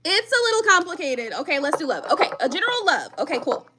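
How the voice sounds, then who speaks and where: A woman's voice: high voice, big pitch swings, fast, sharp tone. A middle-aged woman reading tarot on a live stream, chatting casually in slang and laughing often.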